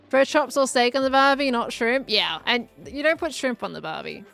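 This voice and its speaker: Building on a live game stream, a young Australian woman talks casually in a fairly high, creaky, fairly bright voice. She reads and replies to chat with quick laughs, and faint music plays behind her.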